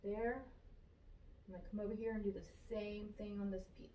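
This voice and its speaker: Brisk and mellow, with a steady tone in the middle range, a woman from Florida demonstrates a furniture painting method. She casually explains each brush stroke and repeats her steps while working in her shop, heard from afar in an echoey room.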